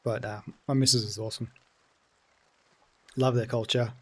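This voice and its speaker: A man's voice: mid-range voice, flat delivery, normal speed, fairly bright tone. A man in his thirties chatting casually while streaming a game, loose and joking, answering his chat. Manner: loose, joking, sweary, talks to chat between game moments.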